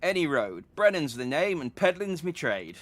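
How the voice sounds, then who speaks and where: A man's voice: fairly high pitch, big pitch swings, normal speed, fairly bright tone, pitched above the performer's own voice. A man voicing a chatty, folksy middle-aged merchant in a put-on rustic English accent, reading game dialogue aloud. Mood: friendly. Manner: homely, drawling with dropped letters.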